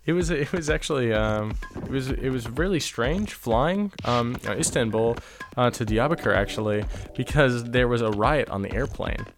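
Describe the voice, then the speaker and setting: Casting: man, guest storyteller, mid pitch, loose rambling delivery with fillers, faint music bed. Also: expressive, normal speed, few pauses. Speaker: interview guest. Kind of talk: casual anecdote telling.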